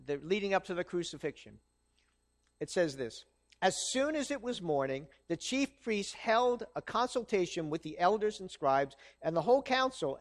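A man preaching a sermon in a conversational way, acting out the quoted lines of the people he talks about. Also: high-pitched.

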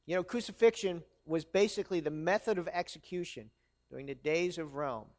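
A man with a notably high voice delivers a sermon in a loose, conversational way. He reads passages and slips into the voices of the people in them. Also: a little fast, a little mellow. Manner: conversational, acts out quoted lines. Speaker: preacher.

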